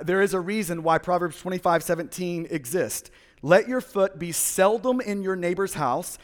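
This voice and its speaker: An earnest man in his thirties preaching a sermon with a high voice. He repeats words and restarts his sentences as he goes. His voice carries a long reverb, as if from a large church hall. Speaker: pastor.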